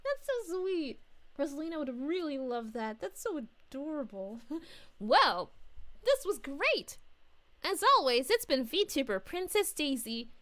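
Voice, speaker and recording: A woman's voice: high-pitched, sing-song, measured pace, fairly bright tone, heavily acted. A woman voicing a cheerful young princess, reading chat on a live stream in character and gushing with thanks. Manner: gushing, effusive, frequent giggles and "aw"s. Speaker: VTuber streamer.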